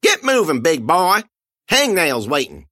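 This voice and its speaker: A man voicing a kooky, jittery old man with a shotgun, in a high, shrill voice. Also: huge pitch swings, measured pace, pushed and bright, no room sound, studio quality, exaggerated voice. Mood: menacing.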